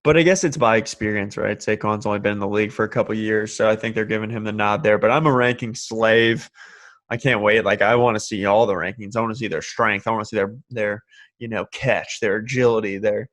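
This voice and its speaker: A man's voice: fairly low pitch, fairly even intonation, fairly quick, a bit bright. A young man co-hosting a podcast, chatting casually in a laid-back, rambling way with restarts. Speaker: podcast co-host. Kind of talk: casual chat.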